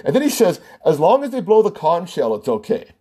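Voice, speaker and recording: A man's voice: sits high, huge pitch swings, a little fast, warm tone, slightly rough. A man who runs a wedding business, ranting in a vlog and retelling arguments, full of "you know" and "right?".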